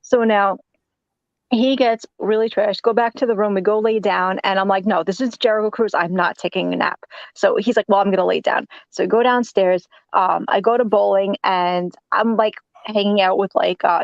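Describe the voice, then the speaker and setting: Woman guest, lively storyteller who acts out quotes, on a muffled, dry recording. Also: medium pitch, vocal fry, dry recording. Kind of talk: casual storytelling. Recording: dull, dry audio.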